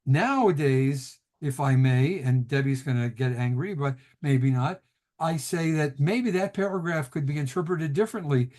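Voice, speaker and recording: A man's voice: a little high, moderate pace, a little mellow. A middle-aged man, a rabbi, teaching a class over a video call, telling stories casually with laughs and restarts. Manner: chatty storyteller, laughs often, restarts sentences.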